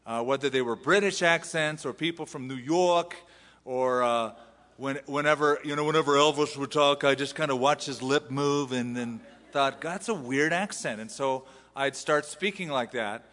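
American man, pastor, conversational sermon, bright voice, long hall reverb. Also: medium pitch, moderate pace. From US West Coast. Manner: conversational, self-deprecating, with restarts. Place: large church hall.

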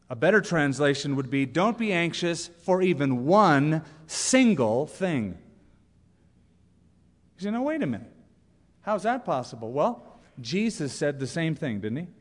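A man preaching a sermon as pastor, lively and humorous, reading out examples and scripture. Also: a little high. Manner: animated, reads quotes with humor. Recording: long reverb of a church hall.

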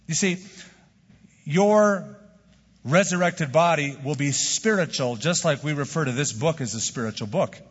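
A man preaching a sermon as a pastor, animated and asking the congregation rhetorical questions. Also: on the high side, husky. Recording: dull sound with long hall reverb.

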